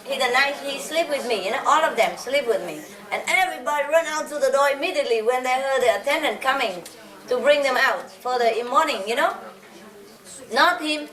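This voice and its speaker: A woman's voice: high-pitched, a bit bright. Fond, chuckling woman telling stories. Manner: chuckles often, playful and fond. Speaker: spiritual teacher speaking to a gathering. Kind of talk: casual anecdotal talk to an audience. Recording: roomy hall, distant mic, audience laughter. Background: audience laughter.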